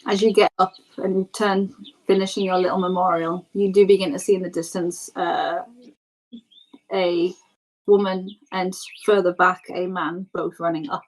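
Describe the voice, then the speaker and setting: A woman's voice: lowish voice, level tone, moderate pace, poor audio. A woman game master narrating a tabletop role-play scene in a loose, descriptive way with many fillers.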